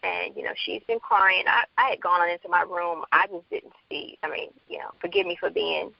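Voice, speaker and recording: Candid author guest, a woman, lively pitch with fry, on dull lo-fi call audio. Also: moderate pace, dry recording. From Bronx, New York. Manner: candid, re-enacts quoted dialogue. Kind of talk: personal storytelling interview.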